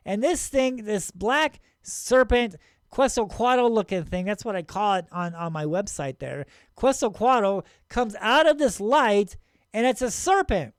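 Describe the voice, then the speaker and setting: A middle-aged man hosting his own channel, talking excitedly and rambling, with many restarts and frequent "right?" checks. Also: high-pitched, a little slow, smooth, no echo, clean studio sound. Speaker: channel host. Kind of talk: casual video commentary.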